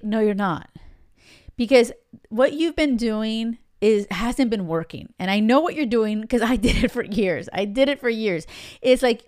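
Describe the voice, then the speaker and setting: A young woman coaching listeners on dating in a podcast monologue, blunt and direct, with casual swearing mixed into her advice. Her voice is smooth and clear, recorded close and dry with no room sound. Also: a little high, expressive, unhurried, dry recording.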